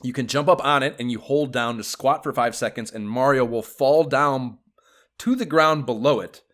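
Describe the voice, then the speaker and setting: A man co-hosting a podcast, chatting casually about retro video games, excitable, swearing freely and laughing often. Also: medium pitch, normal speed. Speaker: podcast co-host.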